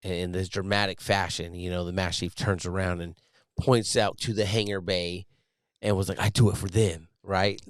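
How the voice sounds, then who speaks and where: A male podcast host chatting casually, retelling an anecdote with animated emphasis and laughter. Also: deep voice, moderate pace, clear, resonant tone, dry recording, studio quality. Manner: animated, recounts stories with bursts of laughter.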